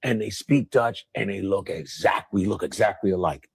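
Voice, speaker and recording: A man who works as a comedian tells a story on a podcast. His voice sits at a medium pitch and swings lively up and down, and he hammers his punchlines by repeating them. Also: moderate pace, gravelly, slightly rough, no echo, clean studio sound.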